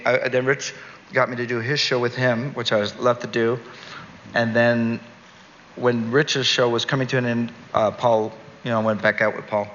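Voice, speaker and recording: A Canadian man in an interview, telling a rambling, animated story and laughing at his own jokes. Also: medium pitch. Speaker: entertainer and guest. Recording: dull recording with long reverb, faint noise.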